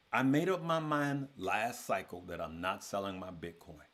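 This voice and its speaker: Slow, emphatic man coaching investors. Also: mid-range voice, expressive. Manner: emphatic, repeats phrases for stress. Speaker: trading course host. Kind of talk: casual talk to members.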